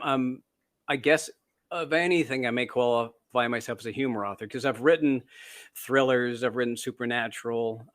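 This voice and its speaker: Being interviewed, a Canadian-born author spins stories in a chatty, self-mocking manner full of fillers and restarted sentences. His mid-range voice has a touch of brightness.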